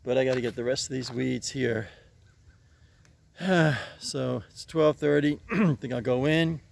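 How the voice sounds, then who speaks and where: Weeding his yard outside, an older man chats casually for his vlog, rambling and repeating himself. His voice is creaky with a measured pace, and he sighs and grows winded while calling to his pet in a coaxing, high tone.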